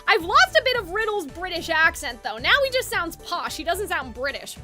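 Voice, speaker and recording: A woman's voice: high-pitched, big pitch swings, normal speed, hardly any pauses, bright, forceful tone, faint music behind. A woman streaming a game live, chatting and joking as she plays, laughing often. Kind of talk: live gameplay commentary.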